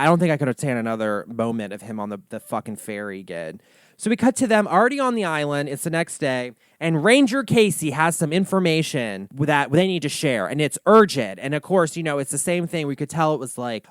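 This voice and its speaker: A man's voice: on the high side, smooth, no echo, clean studio sound. A man hosting a comedy reaction monologue, ranting sassily and swearing often. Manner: sassy, animated ranting with frequent swearing. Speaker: host.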